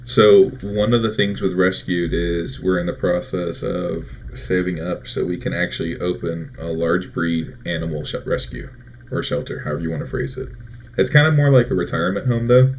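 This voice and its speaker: A man's voice: sits low, moderate pace, a little hiss or hum. A man co-hosting a casual chat, telling stories and acting out what others said. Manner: animated storyteller, acts out quotes. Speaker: co-host. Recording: dull lo-fi audio.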